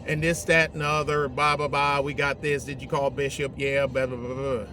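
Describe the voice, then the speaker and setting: A man's voice: medium pitch, flat delivery, normal speed. A man telling a story in casual, rambling talk from inside his truck, trailing off into fillers. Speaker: vlogger. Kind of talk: casual storytelling while driving.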